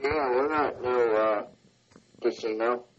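A man voicing a slow, dim hillbilly sidekick who drawls along agreeably. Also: mid-range voice, slight background noise, pitched below the performer's own voice, natural voice. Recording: dull lo-fi audio.

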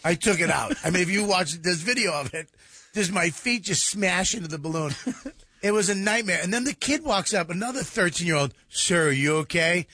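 A middle-aged man telling a comic story on a talk show, animated and exaggerating, acting out the people in it. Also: sits high, a little fast, husky, dry recording. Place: radio studio. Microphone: studio microphone.

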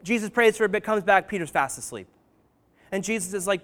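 A man's voice: high-pitched, animated, a little fast, a bit bright. A man preaching a casual sermon, retelling stories conversationally with many "um"s, "like"s and "right?"s. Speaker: pastor.

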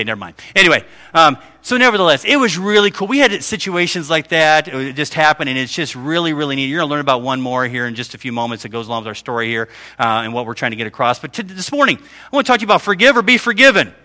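A middle-aged man preaching a sermon as a guest speaker, telling a family story and acting out the dialogue in a lively way. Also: medium pitch, fast, hardly any pauses, long reverb tail.

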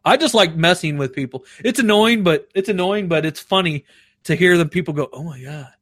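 A man with a somewhat high voice chats casually to his stream, recorded dry and close. He rambles and swears, laughing at his own stories and acting out phone calls in raised voices. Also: expressive, a little fast, a bit bright, no room sound. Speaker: streamer reading chat. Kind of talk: casual livestream chat.

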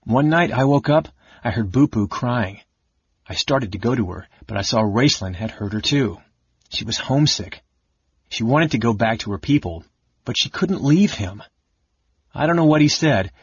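A man's voice: mid-range voice, slightly rough, dry recording, dull audio. A man voicing a young male kender telling a story earnestly and with remorse.

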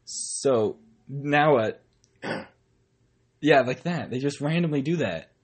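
A young man with a husky, slightly breathy voice talks loudly and rambles through a casual podcast chat. He laughs easily and is recorded on a tablet's built-in microphone. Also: mid-range voice, lively intonation, slow pace. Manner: loud, giggly, rambling. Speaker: podcast co-host. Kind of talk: casual banter.

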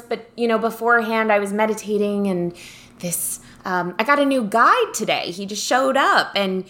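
A bright-voiced woman, a podcast co-host, tells a story during casual podcast chat. She's an animated storyteller who performs the voices of the people she quotes, speaking at a normal speed in a mid-range voice.

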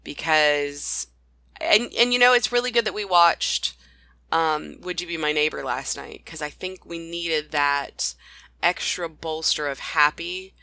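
A woman's voice: sits low, a little slow, creaky, sharp tone, no echo. A woman, the show's producer, chatting in a bubbly, sing-song way. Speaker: podcast producer. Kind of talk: casual chat.

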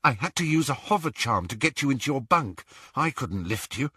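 A man's voice: medium pitch, expressive, fairly quick, sharp tone, slightly rough, no room sound, studio quality. A man voicing a worried, earnest teenage girl, a young witch.

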